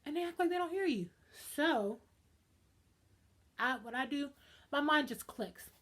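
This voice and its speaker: A young woman ranting in a casual vlog, dramatic and animated, swinging between loud outbursts and hushed asides. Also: sits high, a little slow. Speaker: vlogger.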